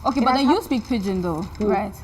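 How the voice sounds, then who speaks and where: A woman's voice: mid-range voice, animated, a little fast, crowd noise. A woman from Nigeria in a casual panel chat who argues her point and reasons through it. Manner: argumentative, reasons things through. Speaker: panel guest.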